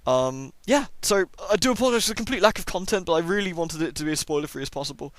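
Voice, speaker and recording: A man's voice: fairly high pitch, expressive, fast talker, no room sound. A man who has a cold, chatting enthusiastically through a casual first-impressions game review with plenty of ums. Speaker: gaming YouTuber.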